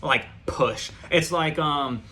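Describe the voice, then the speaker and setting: A man's voice: a little high, slow pace, pushed and bright, a little hiss or hum. A man giving a casual tarot reading, talking loosely and swearing often, with many fillers and restarts. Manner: loose and profane, heavy with fillers. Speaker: tarot reader.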